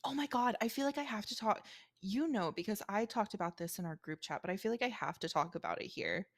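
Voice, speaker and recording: A young woman co-hosting a chatty podcast, her voice sitting at an ordinary middle pitch. She laughs easily, swears freely and slips into put-on voices to act out the customers in her stories. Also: fast, no echo, clean studio sound. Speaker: podcast co-host. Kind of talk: casual chat.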